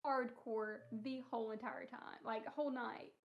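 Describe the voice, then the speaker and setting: A woman's voice: fairly high pitch, moderate pace. A young woman co-hosting a podcast in casual chat, telling stories with lots of laughter and acted-out quotes. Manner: animated storytelling, acts out quoted voices, laughs often. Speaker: podcast co-host. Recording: dull lo-fi podcast audio.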